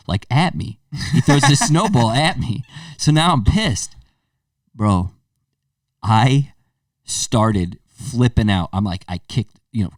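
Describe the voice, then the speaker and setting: Animated young man telling a story. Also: fairly low pitch, no echo, clean studio sound, far from the mic. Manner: animated, swearing, acts out quoted lines. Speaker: podcast co-host. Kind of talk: casual storytelling chat.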